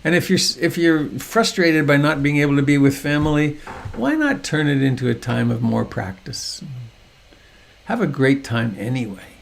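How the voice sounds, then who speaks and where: An older man teaching meditation over a video call, speaking softly and unhurriedly with gentle humor. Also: on the high side, animated, normal speed, gravelly.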